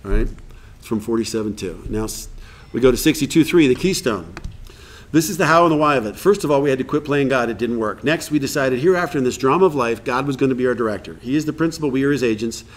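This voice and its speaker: A man's voice: mid-range voice, animated, quick pace. A man speaking at a recovery workshop, talking in a conversational way and reading passages aloud. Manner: conversational, reads passages aloud, acts out quotes. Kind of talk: informal recovery workshop talk. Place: live workshop event.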